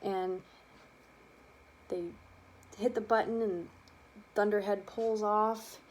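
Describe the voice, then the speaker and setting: A woman's voice: mid-range voice, slow, a little hiss or hum. Young woman telling a personal story. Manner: lively and animated, acts out quotes. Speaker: student storyteller.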